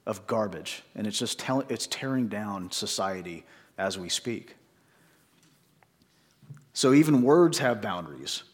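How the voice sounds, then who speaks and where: Male pastor, conversational sermon delivery, rhetorical questions, mid-range voice. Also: medium pitch. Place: church.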